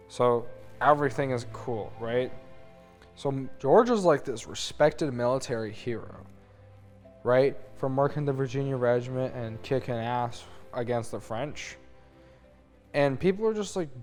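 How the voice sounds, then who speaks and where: A young man tells a history story in a sloppy, rambling comedy parody, full of slang and silly quoted voices. His voice sits at an ordinary middle pitch. Faint music plays quietly underneath. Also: a little slow. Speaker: student narrator.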